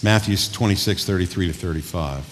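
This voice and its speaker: A man's voice: low-pitched, brisk, a little hiss or hum. A male pastor preaching a folksy, joking, conversational sermon in a church hall. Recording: long hall reverb.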